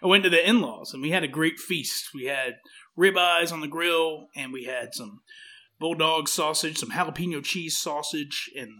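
A man with a high, bright voice spins a rambling, self-deprecating story on a casual podcast. He keeps acting out little quoted lines as he goes. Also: moderate pace.

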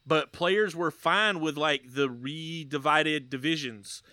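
A man's voice: a little high, pushed and bright, no echo. A man co-hosting a sports podcast, chatting casually and goofing around with his co-host. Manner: joking, goofy, quick to laugh.

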